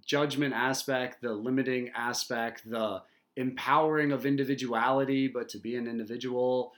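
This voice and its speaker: A man's voice: mid-range voice, steady tone, normal speed, a bit bright. A man who is a dad, co-hosting a casual podcast chat, rambling with lots of fillers and swearing freely. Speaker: podcast co-host.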